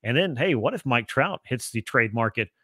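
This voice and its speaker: A man's voice: medium pitch, animated, moderate pace, sharp tone, slightly rough, dry recording. A man who is a guest analyst on a sports podcast, explaining at length in a fluent, casual way.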